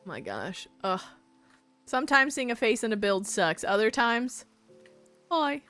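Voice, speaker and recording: Animated woman chattering while streaming a game. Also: medium pitch, a little slow, faint music behind. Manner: chatty and animated, talking to herself while playing. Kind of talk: casual live-stream chatter.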